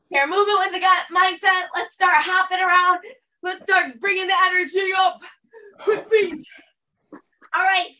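Female fitness coach, high bright voice, chatty and encouraging, slightly breathless, recorded from a distance. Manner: upbeat, coaching cues, chatty asides. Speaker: fitness instructor. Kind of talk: guided workout class.

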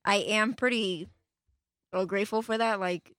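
A young woman talking in a loose podcast chat, her voice bright and forceful. She speaks bluntly and swears freely, with an animated edge. The sound is dry and close. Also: medium pitch, moderate pace, no echo. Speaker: podcast co-host. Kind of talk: casual chat.

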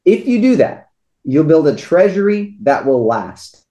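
A man's voice: on the high side, unhurried. A man, a returning guest on a podcast, talking earnestly and telling stories about faith and money, often restarting his sentences. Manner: earnest, animated storyteller with frequent restarts. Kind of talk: faith-based podcast conversation.

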